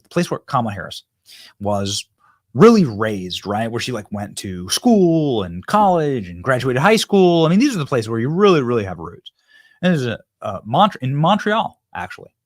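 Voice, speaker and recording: A man's voice: medium pitch, dry recording, clean studio sound. Fired-up male political show host. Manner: emphatic, repeats himself, addresses viewers directly.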